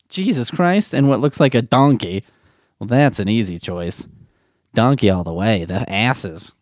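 A man's voice: lowish voice, darkish tone, dry recording, studio quality. A man riffing comedically in a rambling, sarcastic way, swearing often.

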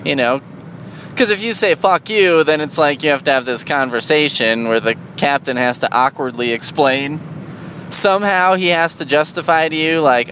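A man in a casual, rambling monologue, sardonic and full of swearing, jumping into a high, loud voice for emphasis. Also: normal speed, a little hiss or hum.

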